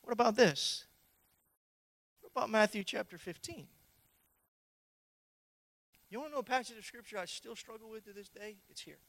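A preacher giving a conversational sermon full of rhetorical questions, breaking into shouted emphasis. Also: medium pitch, moderate pace, long pauses, dry recording.

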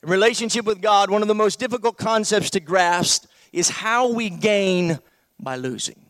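A man's voice: high-pitched, normal speed, fairly bright tone, no room sound. A man preaching a sermon, posing one rhetorical question after another to his congregation.

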